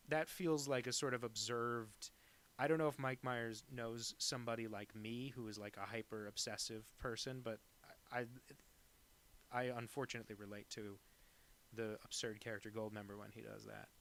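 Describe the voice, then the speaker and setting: A man's voice: medium pitch, a bit bright. A man cartoonist chatting casually while he draws live, rambling and joking with plenty of swearing. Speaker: cartoonist streaming live drawing. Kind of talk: casual chat.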